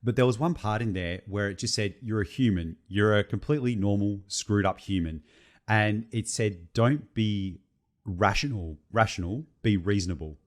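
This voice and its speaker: A young man, co-hosting a casual podcast. He tells his story with lively, animated swings in his voice and swears freely. His voice sits a little low. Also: normal speed. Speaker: podcast co-host.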